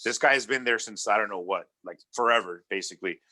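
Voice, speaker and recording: Podcast guest from New Jersey, male, bright forceful voice, loose rambling delivery. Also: on the low side, quick pace. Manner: rambling, repeats "like I said", swears casually. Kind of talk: casual chat.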